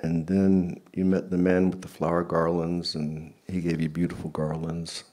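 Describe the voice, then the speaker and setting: A man's voice: deep voice, monotone, moderate pace, warm tone, close to an everyday voice. A man voicing a devoted male companion who reminisces in a casual, rambling way. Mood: reminiscing.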